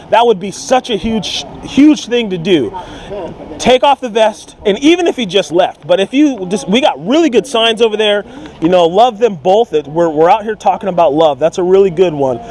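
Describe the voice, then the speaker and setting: Earnest high-voiced street preacher. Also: male voice, darkish tone, a little hiss or hum, rough recording. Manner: earnest, pleading, repeats words. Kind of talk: open-air street preaching. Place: outdoors on a city street.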